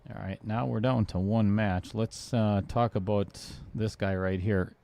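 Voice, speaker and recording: A man calls a pool match in a relaxed, chatty way and laughs easily. His voice sits low and has a gravelly rasp. He sounds like a regular host joking with his co-commentator. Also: unhurried. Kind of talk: casual live commentary.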